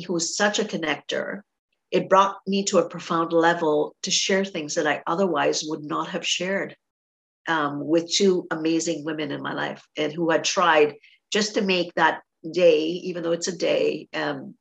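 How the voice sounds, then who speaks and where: A woman hosting a podcast speaks in a very low voice with plenty of gravel. Her telling is rambling and emotional, full of restarts and asides. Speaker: podcast host. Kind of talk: casual interview chat.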